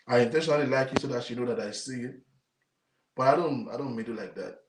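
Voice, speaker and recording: A talk show host with a Nigerian accent talks fast in a mid-range voice, ranting to his viewers with indignant emphasis. He repeats his points and uses some Yoruba. Slight background noise sits under a roomy echo.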